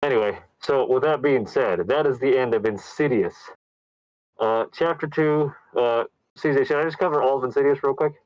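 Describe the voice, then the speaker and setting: A man casually recapping a horror movie on a podcast, telling the story with lively put-on voices. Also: normal speed, no echo, rough recording. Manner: animated storyteller, acts out characters in loud high voices. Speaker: podcast co-host.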